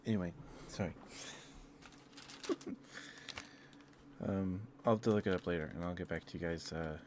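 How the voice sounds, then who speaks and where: Low-voiced man rambling softly for ASMR. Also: normal speed, noisy background. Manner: rambling, hesitant, many fillers; tender, easily moved. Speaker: ASMR streamer. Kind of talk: soft-spoken ASMR ramble.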